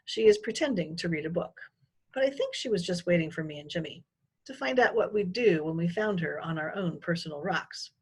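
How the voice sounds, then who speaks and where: A woman teacher reading a children's chapter book aloud in an expressive, animated way. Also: lowish voice, fairly quick, husky. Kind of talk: storybook read-aloud.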